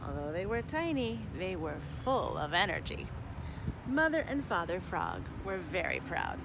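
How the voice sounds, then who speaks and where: A woman reading a children's picture book aloud with slow, expressive storytelling, with background noise. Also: on the low side. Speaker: storybook reader.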